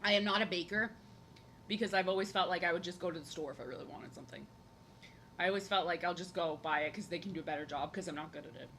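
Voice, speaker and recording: A woman's voice: lowish voice, fast talker, fairly bright tone, a little hiss or hum. A young woman chatting casually while drawing on a live stream, rambling along with lots of "like" and restarts. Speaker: art streamer.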